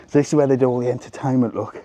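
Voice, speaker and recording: A middle-aged man, working as a travel vlogger, talks very fast in a mid-range voice while giving a chatty live walking tour outdoors around a hotel resort. He speaks to his phone camera as he goes, animated and forever saying "look".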